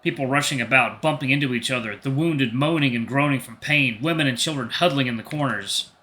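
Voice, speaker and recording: A gaming channel host reads a story game's narration aloud, dropping casual reactions between the steady reading. His medium-pitched voice is brisk, with a little hiss or hum in the recording.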